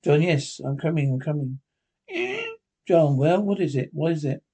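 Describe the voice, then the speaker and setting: A man's voice: a little high, normal speed, warm tone, husky. A man reading the part of a nervous, secretive husband who keeps repeating himself anxiously. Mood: tense.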